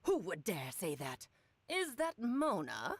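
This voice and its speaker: A woman's voice: mid-range voice, wildly swooping pitch, takes it slowly, breathy edge, dry recording, full character voice. A woman voicing a grand, playful mage mother in a video game, speaking in a lofty, teasing and dramatic way. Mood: imperious.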